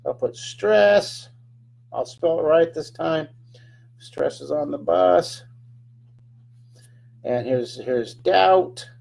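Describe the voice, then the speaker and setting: Slow, gravelly drawing teacher man. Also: on the high side, expressive, a little mellow. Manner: chatty, narrates each stroke, playful sound effects. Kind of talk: live drawing lesson.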